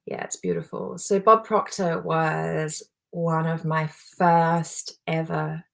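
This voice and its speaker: Woman in her forties, life coach, low voice, heartfelt and personal, live motivational talk. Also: flat delivery, slow, creaky. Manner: heartfelt, emotional, warmly personal.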